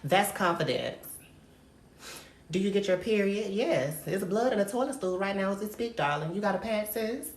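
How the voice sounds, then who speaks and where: Ranting to viewers on her own livestream, this woman is brash, profane, and sassy, addressing everyone as darling. Her mid-range voice has lively intonation at a moderate pace, heard with roomy echo and faint noise.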